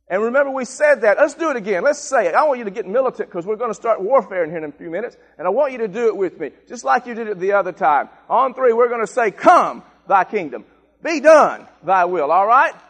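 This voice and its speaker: A male pastor with a fairly high voice preaches an emphatic sermon. He repeats his points and swells into shouted calls for the congregation to repeat after him. The sound carries the long reverb of a church hall. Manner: emphatic, rising to shouted call-and-response. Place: church sanctuary.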